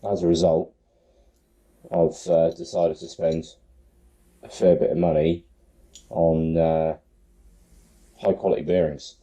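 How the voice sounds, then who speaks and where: Low, mellow-voiced man explaining a build. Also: a little hiss or hum, rough recording. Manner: relaxed, detailed explainer with frequent ums. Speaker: RC hobby channel host. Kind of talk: casual build walkthrough.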